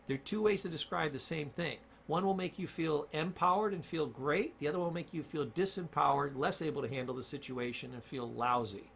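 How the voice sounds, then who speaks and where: Gravelly-voiced man coaching with emphasis. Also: on the high side, brisk, hardly any pauses, fairly bright tone, slight background noise. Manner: emphatic, repeats key points, shifts pace for stress. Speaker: communication coach. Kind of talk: motivational teaching talk.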